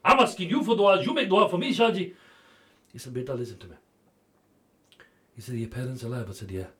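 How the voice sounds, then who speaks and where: A man speaking on a TV charity appeal at a mid-range pitch. He tells his story with great passion, sometimes pressing loudly and sometimes dropping to a hush. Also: brisk. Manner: swings between loud urging and hushed storytelling. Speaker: charity fundraiser. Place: TV studio.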